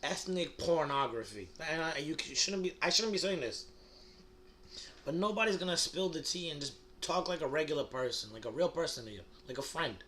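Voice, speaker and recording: A man's voice: on the high side, animated, a little fast, fairly bright tone, a little hiss or hum. A young man from the United States delivering a rambling, crude comedic monologue, full of fillers and restarts. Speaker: comedy vlogger.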